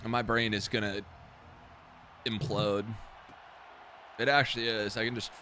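A young man giving live commentary while playing a video game, swearing and repeating himself, sometimes breaking into yells. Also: fairly low pitch, unhurried, a little hiss or hum. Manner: swears and mutters the same phrase over and over; excitable, jumps into yelling.

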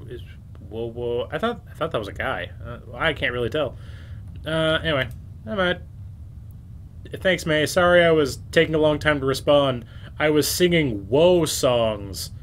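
A man's voice: medium pitch, a little slow, slight background noise. A man giving let's-play commentary, rambling and self-mocking as he reads messages aloud and swears casually. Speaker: game streamer.

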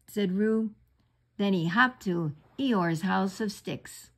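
A woman reading a bedtime story aloud in a gentle, unhurried way. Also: medium pitch.

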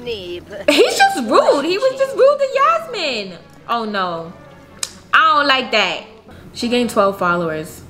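A woman's voice: sits high, very animated, slow pace, sharp tone. Chatty, slangy woman gamer. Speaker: gaming youtuber. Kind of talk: casual let's-play commentary.

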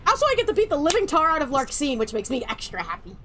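A woman's voice: high voice, huge pitch swings, quick pace, fairly bright tone, slight background noise. A young woman giving casual, sarcastic gameplay commentary, swearing freely and laughing often. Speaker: let's play streamer.

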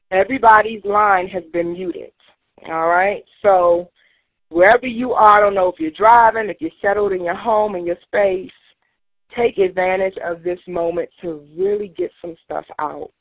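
A woman's voice: medium pitch, measured pace. Urging woman on a tinny conference call. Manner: emphatic, urging, rising to near shouts. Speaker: workshop leader. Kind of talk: guided emotional release exercise. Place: teleconference call.

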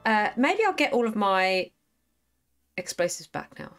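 A woman's voice: medium pitch, sing-song, measured pace, a bit bright, soft background music. A woman giving casual commentary while playing a game, chatty and self-mocking, talking back to the characters. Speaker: gaming streamer.

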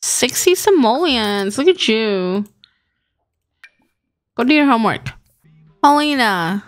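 A chatty young woman narrates her gameplay and coaxes her characters along. Her voice sits a little high and swoops through a lively, animated range. The sound is dry and close, with no room echo. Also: slow pace, faint music behind. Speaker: gaming channel host. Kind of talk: casual gameplay commentary.

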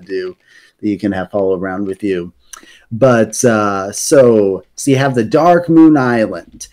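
A man's voice: mid-range voice, darkish tone. A man on a podcast explaining video game lore in a casual, rambling way, with many fillers and restarts.

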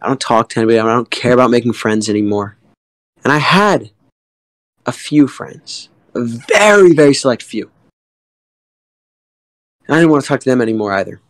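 A young man tells a personal story in a mid-pitched voice, halting and emotional, with lots of fillers and the odd curse. The sound is dry and close, with no room around it. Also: lively intonation, no room sound, poor audio. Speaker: guest artist in a community AMA.

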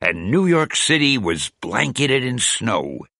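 A man reading a children's picture book aloud in a gentle, expressive way. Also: mid-range voice, slow pace, creaky, dry recording, clean studio sound. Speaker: children's storybook reader. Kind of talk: read-aloud storytelling.

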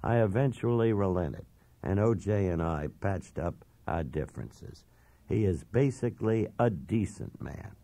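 A man's voice: low voice, mellow, dry recording. A man narrating a first-person memoir audiobook in a blunt, self-assured, emphatic way.

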